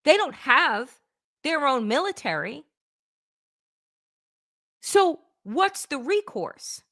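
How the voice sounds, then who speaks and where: Lively, bright-voiced woman political host. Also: high-pitched, takes it slowly. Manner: emphatic, blunt, sarcastic, swears freely. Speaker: political talk show host. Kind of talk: opinionated political commentary.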